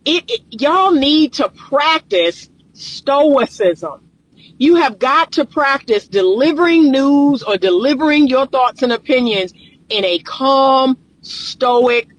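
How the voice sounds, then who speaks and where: A woman's voice: on the high side, a bit bright, rough recording. A woman as a relationship coach, talking straight to camera in a casual, emphatic, preachy way and laughing often between points. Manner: casual colloquial talk. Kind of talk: direct-to-camera advice monologue.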